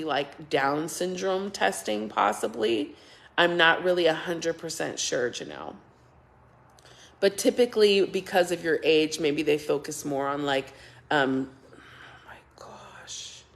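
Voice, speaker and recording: A middle-aged woman hosting a casual livestream, chatting and thanking viewers by name, often laughing. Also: fairly low pitch. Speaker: livestream host reading viewer comments.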